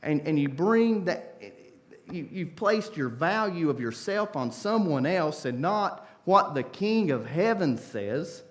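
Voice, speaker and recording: A man preaching a sermon in a church, swinging from soft, hushed pleas up to loud, impassioned climaxes. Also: fairly high pitch, animated, slow pace. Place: church sanctuary.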